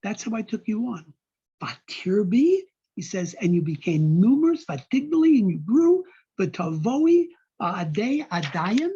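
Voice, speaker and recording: Slow, husky man teaching a text class. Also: high voice, big pitch swings, mellow. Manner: reads Hebrew phrases then translates them. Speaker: Torah study teacher. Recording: dull lo-fi recording.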